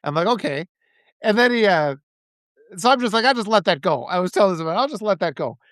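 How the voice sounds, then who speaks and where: A man hosting a live video, telling rambling, animated anecdotes full of restarts. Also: sits high, brisk, dry recording, clean studio sound. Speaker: live-stream host. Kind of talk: casual storytelling on a live video.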